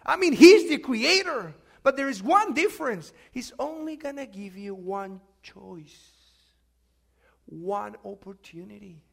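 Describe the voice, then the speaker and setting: A man preaching a sermon in a strikingly high voice with a gravelly edge. He drops to hushed, thoughtful lines, then climbs into loud, insistent questions aimed at his listeners. The delivery is rhetorical and call-and-response in feel. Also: very animated, a little slow. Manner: swings from quiet musing to loud emphatic questioning of the congregation.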